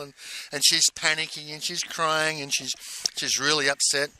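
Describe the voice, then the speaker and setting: A man telling a personal story in a casual, halting way, full of restarts and repeated words. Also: mid-range voice, fairly even intonation, pushed and bright. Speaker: speaker recounting a personal exercise.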